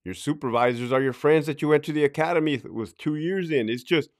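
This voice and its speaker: A man's voice: on the high side, quick pace. A middle-aged man, a former prison officer talking in a blunt, profane way on his podcast and acting out quotes. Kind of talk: casual podcast talk.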